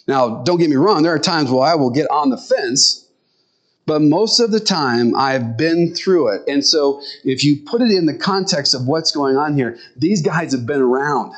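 A middle-aged man preaching a sermon, telling ranch stories and acting out scripture with animated voices. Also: moderate pace. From grew up on a ranch. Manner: animated storytelling, acts out the disciples in high yelling voices. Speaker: pastor.

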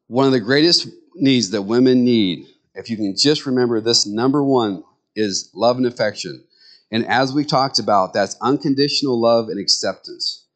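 A middle-aged man preaching a sermon in a folksy, conversational way, full of rambling asides, jumping up in pitch when he acts out what others say. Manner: jumps to high pitch when acting out others' words. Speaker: pastor.

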